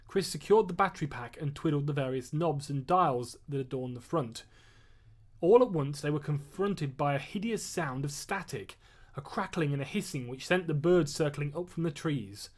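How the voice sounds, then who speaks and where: A man reading a chapter of his own novel aloud on a live stream, measured and steady, after a casual greeting. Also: a little high. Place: at home. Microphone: webcam or phone mic.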